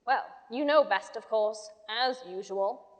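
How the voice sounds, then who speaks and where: A woman's voice: on the high side, takes it slowly. A woman doing a prim, clipped nanny. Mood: snippy. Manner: clipped and snippy. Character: prim, curt, tight-lipped nanny. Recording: long hall reverb.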